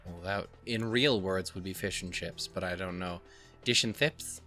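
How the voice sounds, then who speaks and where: A man's voice: deep voice, steady tone, moderate pace, fairly bright tone, soft background music. Young man rambling through a visual novel. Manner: rambling, swears a lot, jokes and laughs at himself. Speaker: let's play host. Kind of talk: casual gameplay commentary and reading game text.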